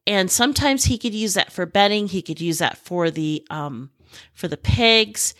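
A middle-aged woman hosting a homestead podcast, talking excitedly and rambling, with lots of restarts. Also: medium pitch, normal speed, dry recording, studio quality. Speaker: podcast host. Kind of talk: casual podcast talk.

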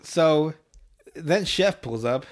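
A man's voice: a little high, slow. A man hosting a podcast, retelling a cartoon episode in casual chat, swearing freely and laughing as he goes, speaking right into a close microphone. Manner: animated storytelling, swears often, laughs a lot. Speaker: podcast host. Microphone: close mic, breathing into it.

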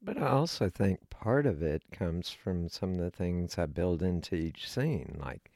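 Podcast co-host, male, deep gravelly voice, unhurried and measured. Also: lively intonation, a little mellow, no room sound, clean studio sound. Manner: slow, deliberate and instructive. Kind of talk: casual podcast chat.

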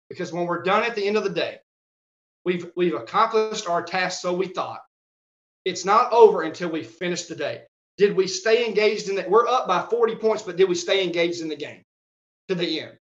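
A man who coaches strength at a high school, telling stories in a casual podcast chat, animated and acting out quotes with laughs. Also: normal speed. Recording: roomy, slightly dull audio.

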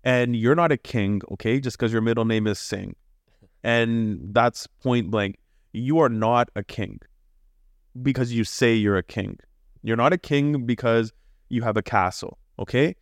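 A young Canadian man co-hosting a podcast, talking with passion and preaching hard, swearing freely and jumping to high emphatic peaks. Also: clear, resonant tone, dry recording, studio quality. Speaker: podcast co-host. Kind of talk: casual podcast chat.

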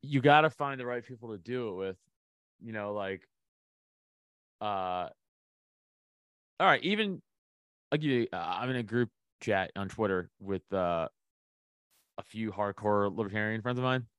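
Profane storytelling comedian, dry close mic. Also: male voice, on the low side, expressive, measured pace, long pauses, a bit bright, smooth, dry recording. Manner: profane, storytelling, laughs often. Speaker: comedian guest. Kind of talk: casual podcast chat.

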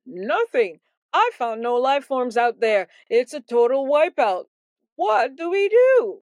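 A woman's voice: high-pitched, very animated, slow, darkish tone, no room sound, clean studio sound, pitched above the performer's own voice, heavily acted. A woman voicing an anxious crew member who reports finding nothing alive, her voice climbing in alarm.

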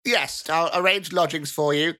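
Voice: medium pitch, moderate pace, sharp tone, natural voice. A game master voicing the chatty, proud queen of a tabletop game's mouse folk, who talks in a rambling, casual way. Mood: indignant.

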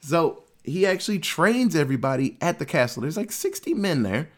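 A man's voice: on the high side, big pitch swings, moderate pace. A man casually recapping a movie plot in a loose, jokey way, swearing freely.

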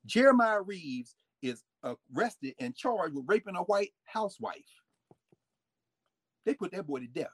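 A man giving a lively history lecture with folksy asides, swinging his volume up and down. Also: sits high, a little slow, no room sound. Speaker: history teacher. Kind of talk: lively history lecture with read-aloud quotes.

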